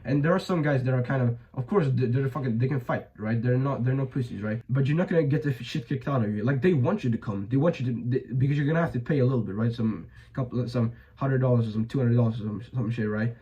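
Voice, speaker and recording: Blunt, profane young man with a dark voice. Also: medium pitch, fast talker, hardly any pauses, highs cut off. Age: young adult. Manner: blunt, profane, filler-heavy. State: voice a bit strained. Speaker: vlogger. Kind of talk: casual advice monologue.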